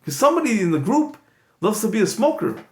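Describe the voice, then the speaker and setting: A man's voice: sits high, big pitch swings, fast. A man hosting an improv comedy stream, talking in a rambling, joking, loose way as he wraps up. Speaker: comedy channel host. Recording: echoey room, loud background noise.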